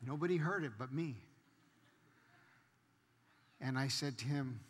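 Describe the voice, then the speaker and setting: A man preaching in church, telling a lively personal story and acting out the other voices. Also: medium pitch, a little slow, pauses often, a little hiss or hum. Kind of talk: sermon testimony. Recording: long church hall reverb.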